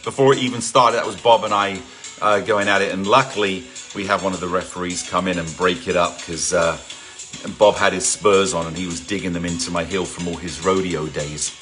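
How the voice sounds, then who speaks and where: A man's voice: low-pitched, fairly even intonation, fairly quick, a bit bright. A middle-aged man from England hosting a live home workout session, chatting casually, greeting viewers by name and joking. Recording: faint music in the background.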